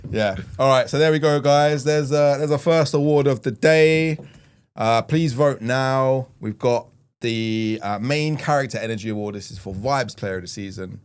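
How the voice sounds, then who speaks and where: A man's voice: mid-range voice, normal speed, clear, resonant tone. A man hosting a casual football chat on a live stream, reading out chat comments and laughing often. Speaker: livestream host.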